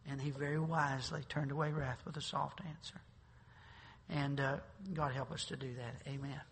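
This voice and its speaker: A man's voice: medium pitch, level tone, normal speed, vocal fry, fairly bright tone, a little hiss or hum. A male pastor preaching an emphatic sermon to his congregation, joking with them and repeating words as he restarts his sentences. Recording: long hall reverb.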